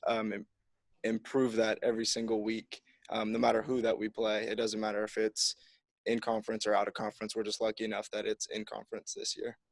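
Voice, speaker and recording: Easygoing young man, flat dry voice. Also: lowish voice, a little fast, vocal fry, no room sound. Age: young adult. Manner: upbeat, easygoing. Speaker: college football place kicker. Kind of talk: press conference answers.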